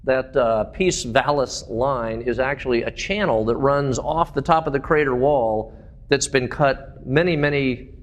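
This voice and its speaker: A man's voice: medium pitch, a little slow. A man giving a public talk about slides, telling stories enthusiastically with frequent fillers and restarts. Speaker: presenter.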